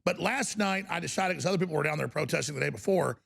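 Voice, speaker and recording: A man's voice: a little high, fast, vocal fry, fairly bright tone. A man hosting a talk broadcast, ranting and mocking in an indignant way. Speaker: talk show host.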